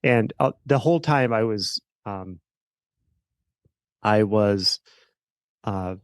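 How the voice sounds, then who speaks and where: A middle-aged man, an attorney and podcast guest, recounting a personal story in a halting way with many fillers and restarts. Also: on the low side, no room sound.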